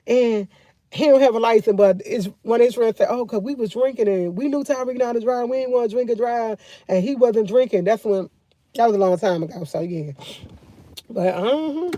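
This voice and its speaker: Loud chatty woman on a livestream. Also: fairly high pitch, normal speed, no echo. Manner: loud, laughing, chatty storytelling. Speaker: livestream host. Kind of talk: casual livestream chat.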